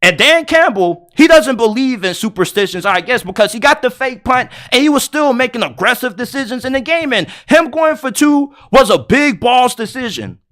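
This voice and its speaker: A man hosting a solo sports podcast, retelling a game in an excitable, animated way with casual slang. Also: extremely high pitch, normal speed, hardly any pauses.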